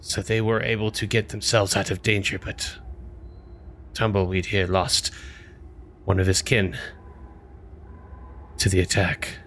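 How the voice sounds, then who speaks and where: A man voicing an anxious female island resident in a tabletop role-play, speaking haltingly and stumbling over words. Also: low-pitched, flat delivery, fairly bright tone, a little hiss or hum. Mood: worried. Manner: halting, stammering speech.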